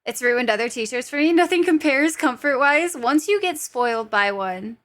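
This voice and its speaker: A woman's voice: sits high, animated, moderate pace, fairly bright tone. A young adult woman streamer chatting casually with her viewers. She giggles often and swears freely.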